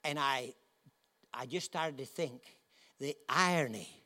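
A man preaching a storytelling sermon, humorous and animated, often laughing and swinging from hushed to loud. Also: medium pitch, slow pace. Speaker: guest preacher.

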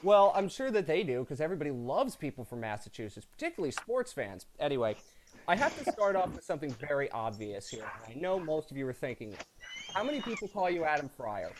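A man's voice: a little high, very animated, fairly quick, background noise. Dry, teasing male podcast host. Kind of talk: casual interview chat.

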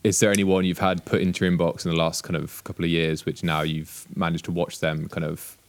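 A man co-hosting a podcast in casual chat, joking and quick with quips. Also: low-pitched, level tone, no room sound. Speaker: podcast co-host.

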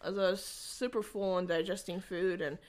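A woman in an interview, telling a personal faith story in a rambling, halting way with frequent restarts. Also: mid-range voice, fairly even intonation. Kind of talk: conversational testimony.

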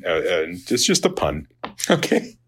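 A man teaching a Latin lesson in an unscripted lecture, halting with many fillers and restarts and dry asides. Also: deep voice, wildly swooping pitch, fairly bright tone, breathy edge. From Minnesota, United States.

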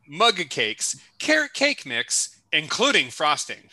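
A man co-hosting a casual podcast, excitable and swearing freely. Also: a little high, slow. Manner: excitable, profane. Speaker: podcast co-host. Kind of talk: casual chat.

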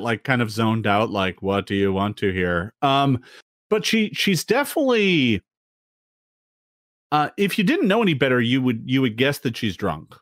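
A man running a tabletop game as game master, with halting, amused narration. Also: a little high, a bit bright, dry recording, clean studio sound.

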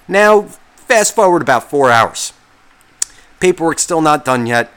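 A man's voice: fairly high pitch, animated, unhurried, long pauses, a bit bright, smooth. A man hosting a podcast, telling a story as a casual rant, swearing constantly and sounding exasperated and sarcastic. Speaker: podcast host.

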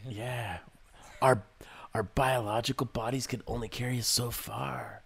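A man's voice: medium pitch, fairly even intonation, a little slow, gravelly, husky. A man joking around in casual banter with friends on a podcast, laid-back. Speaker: podcast co-host.

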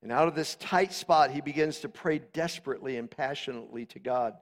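A man preaching a sermon as pastor, moving from quiet, steady teaching into shouted, passionate swells. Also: medium pitch, brisk. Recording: long hall reverb.

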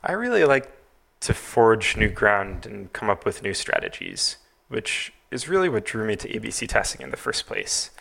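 A man's voice: on the low side, huge pitch swings, normal speed, creaky, fairly bright tone. A man as a podcast guest, talking in a thoughtful, hedging way with many fillers. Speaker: podcast guest, TAS creator. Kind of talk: casual podcast interview.

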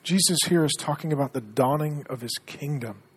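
Husky middle-aged male pastor; earnest sermon delivery with hushed storytelling. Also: fairly high pitch, fairly quick. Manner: earnest, drops to a hushed tone when telling stories.

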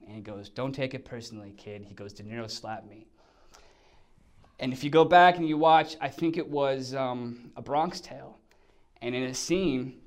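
A man under fifty, an actor, telling stories in a casual interview, lively and acting out what people said. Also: medium pitch. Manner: animated, acts out quotes with sound effects.

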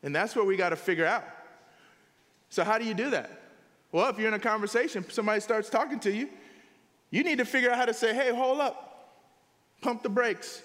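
A man's voice: high-pitched, quick pace, pauses often, fairly bright tone, big-room sound. A man preaching a sermon as pastor, talking in a conversational, emphatic way. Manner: conversational, emphatic preaching with frequent "here's the deal". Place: church sanctuary.

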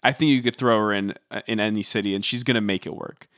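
A man's voice: on the low side, steady tone, quick pace, fairly bright tone, no room sound, studio quality. A man co-hosting a podcast, teasing and giving firm opinions on a reality show. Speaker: podcast co-host. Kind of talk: casual reality TV recap chat.

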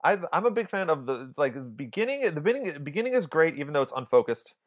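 Rambling, animated male film podcaster. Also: fairly high pitch, quick pace. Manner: rambling, animated, swears, many restarts. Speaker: podcast co-host. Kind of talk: casual film review chat.

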